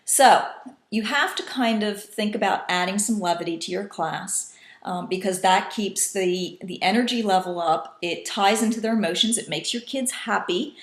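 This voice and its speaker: A woman's voice: mid-range voice, normal speed. A woman teacher walks other teachers through a classroom routine, patient and instructional. She sometimes acts out calls in different voices. The room around her is echoey. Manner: patient, demonstrating call-and-response in varied voices.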